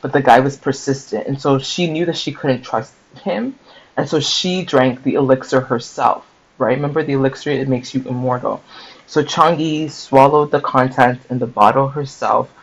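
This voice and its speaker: A man reads a story from a book in an easy, conversational way, often pausing to explain and checking in with "okay?" and "right?". His voice sits at a middling pitch. The recording is a little dull and lo-fi. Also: fairly even intonation. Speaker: book-sharing host. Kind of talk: reading aloud with casual commentary.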